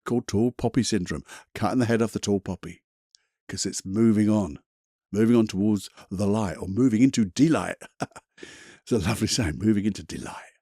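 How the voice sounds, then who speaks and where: A man's voice: on the low side, a little fast, dark tone, slightly rough, dry recording, clean studio sound. A man hosting a self-help podcast, talking in a blunt, chatty, motivational way with the odd mild swear. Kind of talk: casual motivational monologue.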